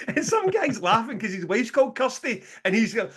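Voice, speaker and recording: A Scottish man co-hosting a casual podcast, telling stories in an animated, sweary way and laughing often. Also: very high voice, moderate pace, breathy edge. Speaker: podcast co-host, promoter.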